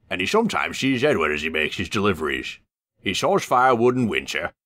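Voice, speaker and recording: A man reading a children's storybook aloud, expressive and voicing the characters. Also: low voice.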